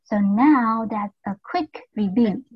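A woman's voice: on the high side, takes it slowly, husky. A woman leads an online class for children, drilling simple words in a patient, encouraging voice and spelling them out carefully. Her audio comes through a dull, slightly lo-fi video call. The sound is dry, with no room echo. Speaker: English teacher for young learners.

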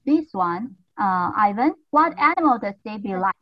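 A woman teaching English to young learners over a video call, speaking slowly and patiently with lots of encouragement and careful repetition. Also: mid-range voice, expressive, dry recording, lo-fi sound. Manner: patient, slow and encouraging, repeats words carefully. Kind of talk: online class drills.

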